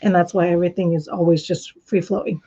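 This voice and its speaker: A woman's voice: lowish voice, steady tone, quick pace, warm tone, slightly rough, muffled recording. A woman hosting a casual knitting live stream, chatting in a rambling, friendly way and answering viewers as she shows her supplies. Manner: rambling, chatty, with frequent restarts and laughs. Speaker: knitting podcast host.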